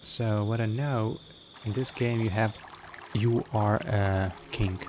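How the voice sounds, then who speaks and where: A man's voice: on the low side, fairly even intonation, slow, noisy background. A man casually commenting on a strategy game as he plays, thinking aloud with many ums and reading out the game's prompts. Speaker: gaming video creator. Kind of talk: casual let's-play commentary.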